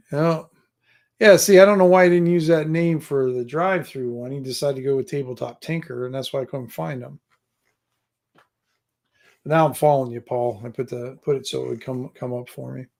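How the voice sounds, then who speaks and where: A man's voice: medium pitch, creaky, a little mellow. A man hosting a live stream about writing a tabletop adventure, thinking aloud in a rambling way and joking with his viewers. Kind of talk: casual live-stream chat. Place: home room with gear and books behind him.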